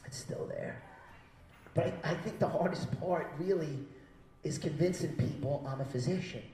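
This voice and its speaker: A man delivering a stand-up set in a small venue, with a somewhat high voice that swears freely and leaps into shouted voices for his stories. He sounds set back from the mic, and the room rings around him. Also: moderate pace, echoey room, far from the mic, low-quality recording. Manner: profane, loud acted-out quotes. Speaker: stand-up comedian.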